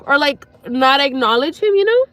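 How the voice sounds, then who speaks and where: A young woman with a high voice talks on a live stream in a halting, rambling way, swearing and sighing as she fights back tears. The sound is dry and close, with faint music playing underneath. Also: lively intonation, fairly bright tone, no echo. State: near tears. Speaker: livestreamer. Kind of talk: emotional personal talk to viewers.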